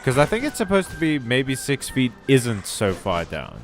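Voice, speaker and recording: A man's voice: mid-range voice, huge pitch swings, normal speed, music in the background. A man streaming a video game, chatting casually in a rambling, joking way with some swearing. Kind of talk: casual gaming stream chat.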